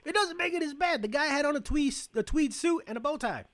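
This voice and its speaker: A man's voice: extremely high pitch, expressive, fast talker, fairly bright tone. A man co-hosting a podcast in casual chat, blunt and profane with a joking edge. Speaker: podcast co-host.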